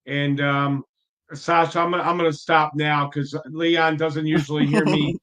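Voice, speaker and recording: A man's voice: fairly high pitch, level tone, moderate pace, fairly bright tone. A man introducing a guest in an enthusiastic, rambling casual chat.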